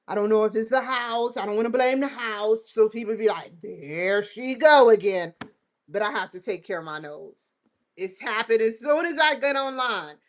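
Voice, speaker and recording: Rambling, laughing woman vlogger. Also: on the high side. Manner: rambling, laughs often, acts out dialogue in quotes. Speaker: vlog host. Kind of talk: casual chat to camera.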